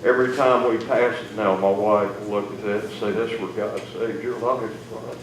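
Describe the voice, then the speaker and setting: A man telling an emotional personal testimony to an audience, folksy and plainspoken, with big swings in loudness. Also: fairly low pitch, fairly even intonation, moderate pace. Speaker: testimony speaker. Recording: echoey room, far mic, noisy.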